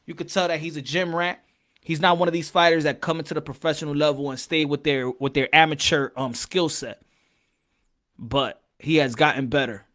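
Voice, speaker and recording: High, bright-voiced hyped boxing host. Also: male voice, fairly even intonation, normal speed. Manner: hyped, loud, repeats phrases. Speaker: podcast host. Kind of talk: casual live-stream boxing chat.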